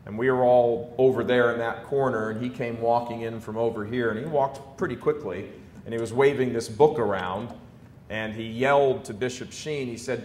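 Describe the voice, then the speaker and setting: An American man in his fifties gives an emphatic preaching talk to a live audience. He swings between loud declarations and quiet storytelling. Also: fairly even intonation, moderate pace. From United States. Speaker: Catholic speaker addressing an audience. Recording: echoey room, faint low rumble.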